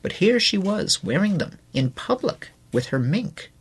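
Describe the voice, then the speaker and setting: A male audiobook narrator tells the story in an expressive, measured way. His voice has a gravelly texture and a husky edge. His pitch moves freely and animatedly through the phrases.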